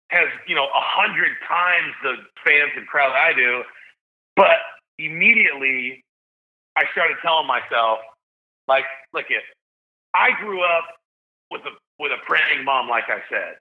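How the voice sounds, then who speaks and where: Man, 40s, from Tennessee, podcast guest, animated slangy storytelling, acts out quoted voices, tinny phone-like sound. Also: fairly high pitch, unhurried. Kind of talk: casual storytelling.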